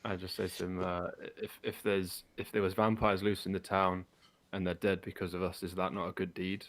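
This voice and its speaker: A man's voice: sits low, flat delivery, brisk. A man playing a tabletop game in character, with a cocky, evasive manner. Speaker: player.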